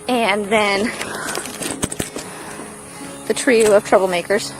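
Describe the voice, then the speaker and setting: A woman's voice: a little slow, over music, low-quality recording. A young woman giving a casual tour of her farm outdoors, slightly out of breath from walking. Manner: coos in a high baby voice to the animals.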